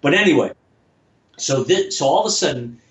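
This man's voice sits on the high side and is expressive as he rambles through a long personal story in casual chat, halting and restarting frequently. He imitates the people in his tale, and the lo-fi audio is dull and echoey.

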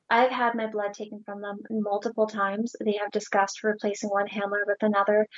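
A woman's voice: medium pitch, no room sound, muffled recording. A woman talking earnestly in a conversation, explaining her experiences at length and posing rhetorical questions. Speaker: guest. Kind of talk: casual conversation.

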